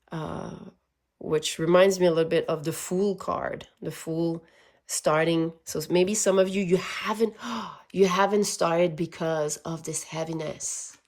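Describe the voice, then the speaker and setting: A woman giving a casual spiritual tarot reading, earnest and easily moved, laughing at times. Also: lowish voice. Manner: earnest, gets emotional, laughs. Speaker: tarot reader.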